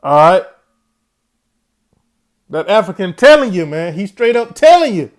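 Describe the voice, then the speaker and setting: Male host with a high voice, preaching-style commentary, says "man" after his phrases. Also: big pitch swings, unhurried. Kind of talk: religious commentary.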